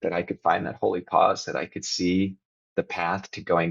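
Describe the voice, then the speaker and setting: A man's voice: low voice, little pitch movement, normal speed, creaky, breathy edge, highs cut off. A man speaking as a podcast guest, sharing candidly and earnestly, reflective and sometimes rising to emphatic bursts. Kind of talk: candid confessional conversation.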